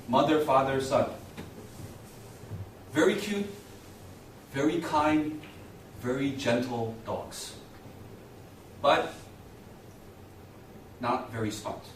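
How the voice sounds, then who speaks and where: A man in his thirties teaching a communication class, lively and often asking the students questions. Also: mid-range voice, a little hiss or hum. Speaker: communication skills instructor. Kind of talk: lecture to a class. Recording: echoey classroom from a distance.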